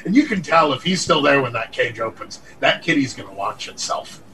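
A man playing a tabletop game, describing a scene in an animated, descriptive way. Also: mid-range voice, fairly quick, far from the mic, a little hiss or hum, rough recording. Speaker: player.

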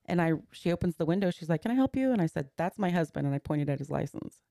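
A woman's voice: low-pitched, fast talker, creaky, mellow, no echo, clean studio sound. A woman in her forties, a podcast guest, earnestly recounting a personal story step by step and slipping into the words of the people in it. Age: 40s.

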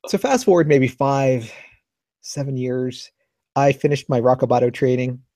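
A man, a physiotherapist, telling a patient story in casual conversation, halting and close to tears. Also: mid-range voice, warm tone, no room sound. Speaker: physiotherapist guest.

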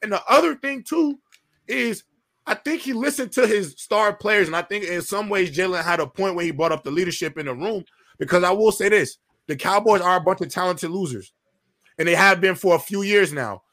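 A man hosts a football debate with a high, bright voice. He sounds blunt and opinionated. The recording is dry and close. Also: a little fast, dry recording. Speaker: host. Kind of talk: casual sports debate.

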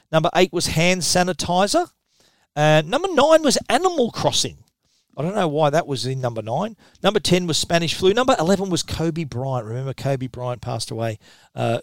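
A middle-aged Australian man presenting tech news in a quick, chatty, casual way, often restarting his phrases. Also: fairly high pitch, no room sound.

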